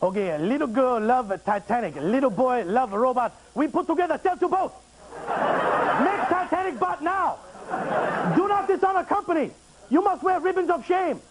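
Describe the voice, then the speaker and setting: A man's voice: very high-pitched, animated, normal speed, heavy background noise, pitched above the performer's own voice. A comedian voicing a male toy-company boss who barks orders at his staff in clipped, broken English. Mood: barking.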